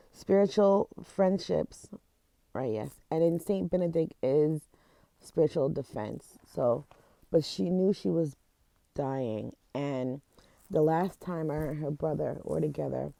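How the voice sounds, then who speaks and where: A woman in a casual vlog, retelling a story in an emotional, halting way, close to tears, with many restarts. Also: low voice, gravelly, mellow, no room sound. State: teary, close to crying. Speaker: vlogger. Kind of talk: casual chat.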